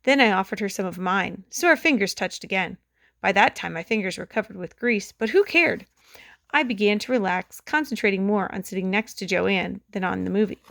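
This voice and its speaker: A woman reading aloud, narrating a children's story in the first person in a lively way. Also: medium pitch, brisk, gravelly, no echo, studio quality. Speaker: audiobook reader.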